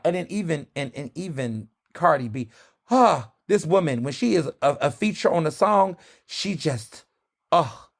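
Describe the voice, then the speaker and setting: Gravelly, sassy man hosting a podcast. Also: on the high side. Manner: animated, gossipy, sassy asides. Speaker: podcast host. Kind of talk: casual solo podcast chat.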